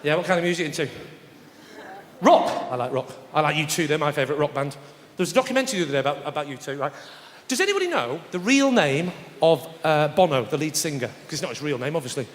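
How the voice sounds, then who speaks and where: A man doing live stand-up comedy, telling a sarcastic story in an animated way with shouted punchlines. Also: a little high, quick pace. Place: large theatre stage with audience. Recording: live hall recording with reverb and crowd noise.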